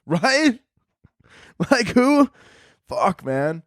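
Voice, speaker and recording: A man hosting a solo comedy podcast, ranting with lots of swearing and laughter, and jumping between high mock voices and low mutters. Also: lively intonation, normal speed, dry recording, clean studio sound. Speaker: podcast host.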